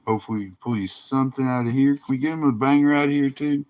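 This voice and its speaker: A man's voice: mid-range voice, rapid-fire, a little mellow. A tired man hosting a live card break stream, talking in a laid-back, drawling way and laughing often. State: tired, yawning. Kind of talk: casual livestream commentary.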